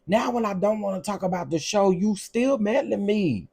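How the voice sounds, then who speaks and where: A man hosting a casual vlog, ranting in an animated, repetitive, exasperated way. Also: sits high, normal speed, vocal fry, breathy edge. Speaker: vlog host.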